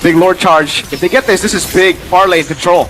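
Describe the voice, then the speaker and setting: A man giving chatty, excitable color commentary on an esports match. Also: high voice, a little fast, soft background music, poor audio. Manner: chatty, excitable, filler-heavy analysis. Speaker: esports analyst.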